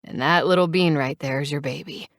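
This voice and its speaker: Brief: a woman playing a calm, reassuring man doctor, low and even. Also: a little fast, no echo, clean studio sound. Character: calm male club doctor, kind and steady.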